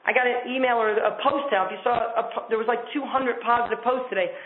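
A man hosting a coaching call, giving a fast, enthusiastic motivational sales pitch over the phone. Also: steady tone. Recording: tinny phone line with echo.

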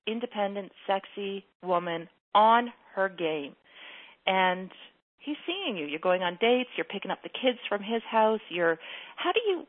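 A woman relationship coach talks a caller through her confidence in an emphatic, repeating way. Her voice sits mid-range and comes through a narrow, phone-like band, like a radio broadcast. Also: mid-range voice. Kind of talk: radio advice call.

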